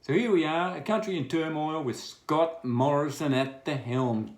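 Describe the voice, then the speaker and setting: A man's voice: a little high, moderate pace, roomy sound. An Australian man delivering a scathing, crude and sarcastic political rant. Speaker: political commentator. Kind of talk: ranting political monologue.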